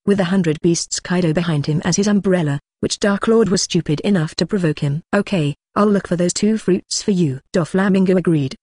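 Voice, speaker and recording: A narrator reading a novel aloud in an even, steady delivery with little variation. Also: mid-range voice, breathy edge, no room sound. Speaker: audiobook narrator. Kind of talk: scripted narration.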